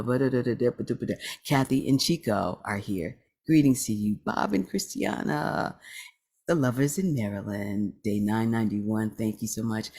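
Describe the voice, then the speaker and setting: A man hosts a live online sing-along and greets viewers by name, upbeat and full of puns. His voice has a gravelly fry and a husky edge. It sounds like he is on a video call. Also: mid-range voice, a little mellow.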